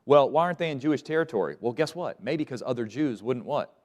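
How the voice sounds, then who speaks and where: A man's voice: mid-range voice, expressive, fast talker, a little mellow. A man teaching a Bible lesson to a class, asking questions and letting them fill in the answers. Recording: long reverb of a large room.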